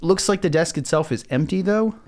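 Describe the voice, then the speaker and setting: A man's voice: a little high, animated, brisk, a little mellow. A man running a tabletop game as game master, narrating scenes in a laid-back, descriptive way between laughs.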